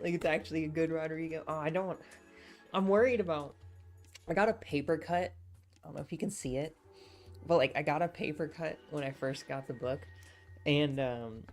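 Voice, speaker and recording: A woman's voice: low-pitched, fairly quick, darkish tone, faint music behind. A young woman streaming as she reads a novel aloud and chats with viewers in a rambling, easygoing way. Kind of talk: casual live stream chat and book reading.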